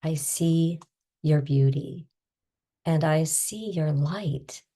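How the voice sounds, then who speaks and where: A woman stress coach leading a guided tapping session, soft-spoken and soothing, calling out tapping points between gentle affirmations. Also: sits low, very slow. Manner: soft-spoken, calm and soothing, breathy sighs.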